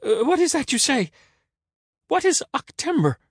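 Shrill whining Caesar. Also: male voice, sing-song, normal speed, dry recording, studio quality, full character voice. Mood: shrill wailing. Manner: shrill, pleading and sobbing. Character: whining, envious, weepy male Caesar, a pathetic dream figure.

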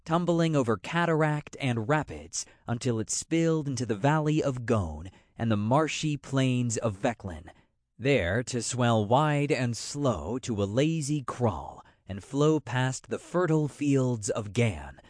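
A man narrating a fantasy audiobook in a measured, wry storytelling manner. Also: medium pitch, animated, darkish tone, dry recording, clean studio sound.

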